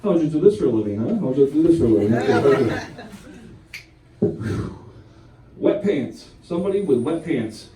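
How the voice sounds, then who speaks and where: A man's voice: fairly high pitch, very animated, moderate pace, long pauses, dark tone. A man working a party crowd as a stage mentalist, teasing people and laughing often. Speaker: mentalist entertainer. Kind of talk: stage act with audience. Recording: roomy hall, far from mic, audience noise.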